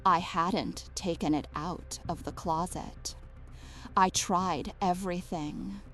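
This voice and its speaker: A woman reads a horror story in a slow, hushed, deliberate way, drawing each phrase out. Her voice sits fairly low, and quiet music plays underneath. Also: fairly even intonation. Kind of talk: scripted horror story narration. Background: faint music.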